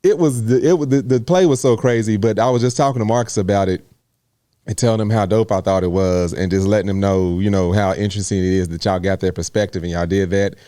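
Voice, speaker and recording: A man with a low, mellow voice tells an animated story as a proud parent, leaning on casual slang. The sound is close and dry, with no room around him. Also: fast talker, no room sound. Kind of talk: casual chat.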